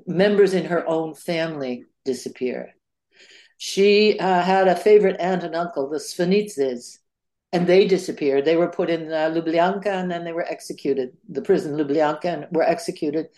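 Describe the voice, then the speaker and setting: Older woman historian, low and halting. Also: dark tone. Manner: halting, many fillers and restarts. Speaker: author and historian guest. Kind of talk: podcast interview.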